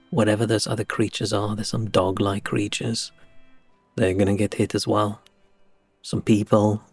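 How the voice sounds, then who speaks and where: A man chatting casually on a game stream, rambling and sighing with self-deprecating remarks, his soft speech slightly mumbled, into a desk microphone at his home setup. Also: fairly low pitch, husky. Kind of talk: casual live-stream chat before gameplay. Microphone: desk microphone with compressor and equalizer.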